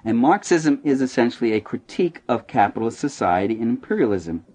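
In a bookstore, a man talks about his book in a brisk, husky, medium-pitched voice. He's an animated storyteller who cracks jokes, acts out the voices he quotes, and restarts his sentences.

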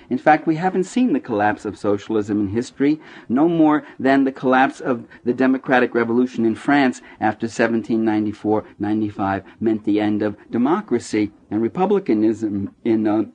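A man giving a talk about his book in a bookstore, an animated storyteller who jokes, acts out quoted voices and restarts his sentences. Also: medium pitch.

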